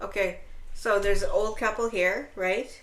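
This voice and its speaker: A woman's voice: mid-range voice, unhurried, slight background noise. A woman telling a long story in casual chat, swearing heavily and checking in with "right?" every few lines. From Canada. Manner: heavily profane animated storytelling, full of "right?". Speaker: co-host. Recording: echoey room.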